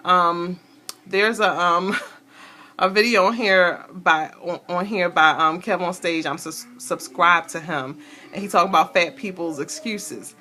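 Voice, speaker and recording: A woman's voice: on the low side, unhurried, pushed and bright. A woman vlogger talking casually and emphatically to camera about motivation, pep-talking and fussing with fillers and restarts. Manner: frequent fillers and restarts, bursts of laughter. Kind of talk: casual motivational vlog talk. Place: seated indoors talking to camera.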